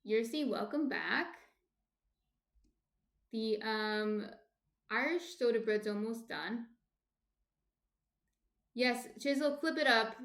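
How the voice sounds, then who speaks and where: A woman's voice: on the high side, slow, pauses often, fairly bright tone. Jersey woman rambling through chat on a baking stream, lots of ums and restarts, roomy kitchen echo. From New Jersey. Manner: chatty, rambling with many fillers and restarts. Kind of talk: casual livestream chat reading viewer comments. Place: home kitchen.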